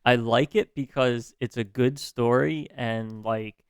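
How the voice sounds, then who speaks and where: A man's voice: mid-range voice, fairly even intonation, slow pace, smooth, no echo, studio quality. A man co-hosting a casual podcast, hesitant and full of restarts, swearing freely. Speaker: podcast co-host. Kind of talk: casual chat.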